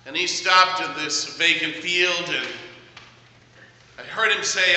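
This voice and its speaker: Middle-aged male pastor, sharp tone, measured storyteller; echoey church hall from a distance. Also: a little high. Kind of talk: sermon. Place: church sanctuary.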